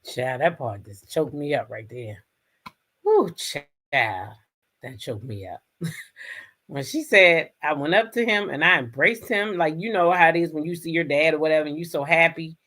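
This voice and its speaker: Animated woman hosting a commentary livestream. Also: deep voice, moderate pace. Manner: animated, exclamatory, talks straight to viewers. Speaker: host.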